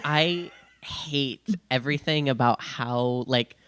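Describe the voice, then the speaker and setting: A woman with a strikingly deep voice joins a casual podcast chat. She chimes in with short reactions and quips. The sound is dry and close to the mic. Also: slow, fairly bright tone, smooth, no echo. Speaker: podcast co-host.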